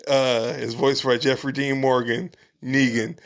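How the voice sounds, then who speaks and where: A man's voice: medium pitch, unhurried. A man co-hosting a podcast, chatting casually and rambling with lots of fillers and restarts. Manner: relaxed, rambling with frequent fillers. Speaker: podcast co-host. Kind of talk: casual chat.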